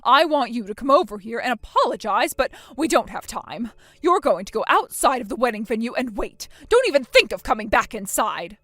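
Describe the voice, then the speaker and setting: A woman's voice: a little high, big pitch swings, a little fast, hardly any pauses, a bit bright, no echo. A woman voicing a stern, scolding middle-aged mother in a text-message drama, speaking in a cold, commanding way. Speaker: voice actor.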